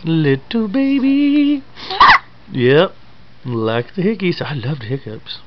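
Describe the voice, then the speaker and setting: A doting mother talks sing-song baby talk to her infant son at home. Her voice swoops widely and moves slowly and unhurried. The recording is dull and lo-fi, with faint noise behind it. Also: extremely low pitch, lively intonation.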